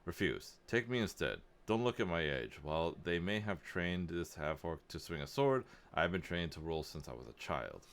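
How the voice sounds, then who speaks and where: Male streamer reading a polite, ambitious young noble heir; plain low voice, persuasive. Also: sing-song, moderate pace, vocal fry, hardly any pauses, smooth, exaggerated voice. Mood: courteous. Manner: courteous, persuasive.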